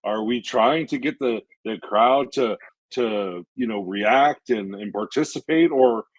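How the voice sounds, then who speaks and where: A man co-hosts a casual podcast and lays out his points in a calm, measured way, often hedging with "you know" and "right?". His voice is husky and sits at an ordinary pitch. The recording sounds dry and close. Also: no echo, poor audio. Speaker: podcast co-host. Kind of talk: casual chat.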